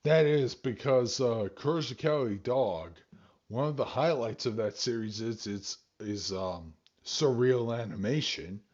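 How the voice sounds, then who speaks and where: A man hosting a podcast in casual chat, animated and swearing freely. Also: mid-range voice, measured pace. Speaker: podcast host. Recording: dull lo-fi sound.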